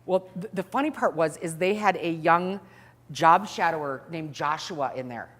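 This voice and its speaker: A woman's voice: sits low, moderate pace. Middle-aged woman telling a story to a crowd, acts it all out, voice rings around a big hall. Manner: animated, acts out scenes. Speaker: speaker. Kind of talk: storytelling talk to an audience.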